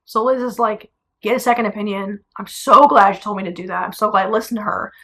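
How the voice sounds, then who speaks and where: A young woman, a singer, blunt and animated, telling her own story in a casual vlog to camera. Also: mid-range voice, fast.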